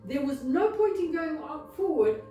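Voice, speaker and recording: A woman co-host adding steady, explanatory comments in a casual sermon discussion. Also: high-pitched, moderate pace, far from the mic. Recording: very echoey, off-mic, faint music.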